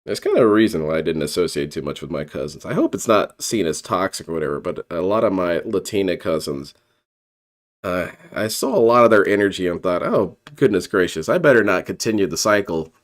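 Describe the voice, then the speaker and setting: A man rambles through sarcastic reaction commentary with a mocking edge. His voice sits low, but his pitch swings widely as he jokes. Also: lively intonation, a little fast. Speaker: commentary streamer.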